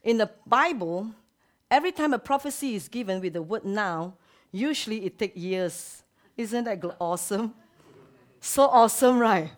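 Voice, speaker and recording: A woman pastor preaching a sermon. She drops to hushed whispers, then rises to loud exclamations. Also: medium pitch, animated, normal speed.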